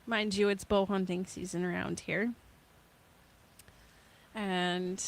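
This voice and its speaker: A woman's voice: lowish voice, flat delivery, unhurried, creaky, pauses often. A woman co-hosting a casual home podcast, telling rambling, chatty stories. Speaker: podcast co-host.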